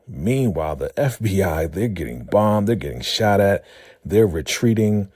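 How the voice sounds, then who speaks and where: A man's voice: low voice, animated, moderate pace, darkish tone, husky, no room sound, studio quality. A man hosting a casual vlog recap of a TV episode, chatty and calling his viewers fam.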